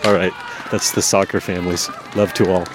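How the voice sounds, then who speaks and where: A man's voice: sits low, little pitch movement, brisk, a crowd in the background, background noise. A man hosting a podcast, talking casually and rambling about himself with many fillers and self-deprecating asides, outdoors in a town. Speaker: podcast host. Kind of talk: casual personal monologue.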